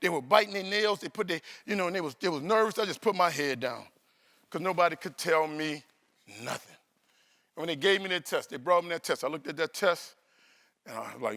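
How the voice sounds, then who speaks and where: A motivational speaker with a slightly high voice tells humorous stories to a live audience at a university event, talking briskly. He's animated and comic, playing around with the crowd.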